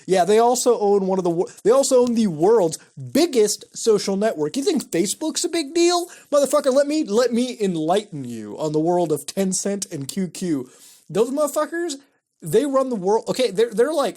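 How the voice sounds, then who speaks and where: Male online host, loose profane reaction commentary, swings between loud outbursts and low mutters. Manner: profane, excitable, mock-outraged, laughing. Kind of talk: casual commentary while browsing websites.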